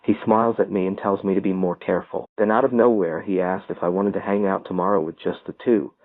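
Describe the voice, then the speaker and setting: A man reading a first-person story aloud as an audiobook narrator, telling it in a steady storytelling manner. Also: deep voice, fast, dry recording. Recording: tinny phone-like dry sound.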